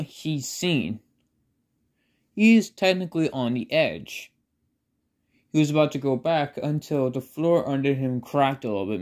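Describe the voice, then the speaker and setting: In a mid-range, somewhat dark voice, a man casually spins a made-up fan story. He rambles, filling it with filler words and self-conscious asides.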